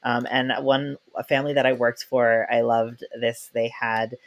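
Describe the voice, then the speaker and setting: A podcast host in a casual interview, telling chatty, animated stories full of playful quoted voices. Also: mid-range voice, normal speed, muffled recording.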